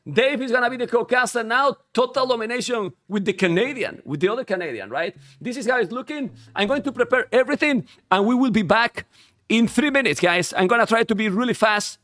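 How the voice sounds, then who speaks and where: A man's voice: very high-pitched, brisk. A man hosting a live esports stream, talking energetically and hyping up his viewers and guests. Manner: energetic, hypes the chat. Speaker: host. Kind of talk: esports stream host chat.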